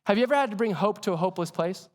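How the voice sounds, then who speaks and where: A man's voice: sits high, racing. Guy preaching with lots of energy, asks the crowd stuff, big echoey church hall. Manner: energetic storytelling with audience questions. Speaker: pastor. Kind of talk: sermon. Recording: long hall reverb.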